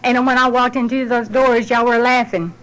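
A woman's voice: on the high side, flat delivery, normal speed, a bit bright, rough recording. A middle-aged woman speaks in a slightly raised register. She tells her personal story at a support group meeting in a plainspoken, heartfelt way. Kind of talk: personal testimony.

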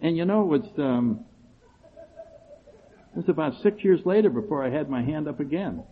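A middle-aged man telling his own story to a recovery group, animated and quick to act out other people's replies. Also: on the high side. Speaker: speaker sharing his story at a recovery meeting. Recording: tinny phone-like recording with faint background hiss.

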